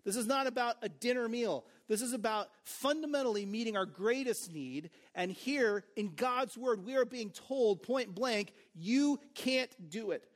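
A man's voice: very high voice, normal speed, hardly any pauses. A man preaching a sermon as pastor, in a casual, conversational way with joking asides, "like" and "right?".

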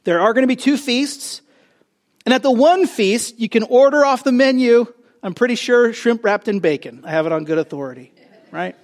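A man preaching with a high, bright voice. He climbs in pitch and volume on key phrases, then eases into wry, conversational asides. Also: normal speed. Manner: animated preaching, rising loud on key phrases, joking asides. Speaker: pastor. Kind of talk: sermon.

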